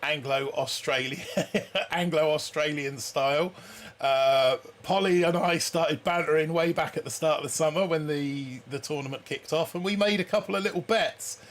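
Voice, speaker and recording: Man, co-host, chuckling rambling storyteller, a bit high-pitched, faint room noise. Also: normal speed. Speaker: stream co-host. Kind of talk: casual live-stream chat.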